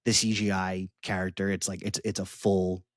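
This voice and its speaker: A man with a lowish voice co-hosts a casual movie podcast, circling his points with plenty of "like" and "um." The sound is dry and close, with no room around it. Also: level tone, moderate pace, dry recording. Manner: rambling, many fillers and restarts. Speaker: podcast co-host. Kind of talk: casual film review chat.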